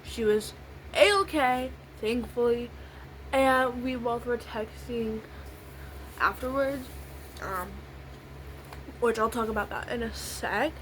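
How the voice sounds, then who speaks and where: A woman's voice: fairly high pitch, takes it slowly, long pauses, a little hiss or hum, low-quality recording. A young woman vlogger telling a long story in a rambling, casual way while doing her makeup, repeating the same little phrases. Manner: rambling, repeats "literally" and "I was like".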